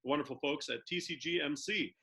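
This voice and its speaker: Male host, playful video-call banter, very bright tone, slightly high voice. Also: fast, creaky. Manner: upbeat, playful game-show banter. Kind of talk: casual video-call chat.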